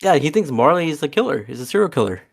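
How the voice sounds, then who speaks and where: A man's voice: on the high side, big pitch swings, creaky. Hesitant man recapping a movie. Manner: halting, many fillers and restarts. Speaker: podcast co-host. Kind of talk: casual chat.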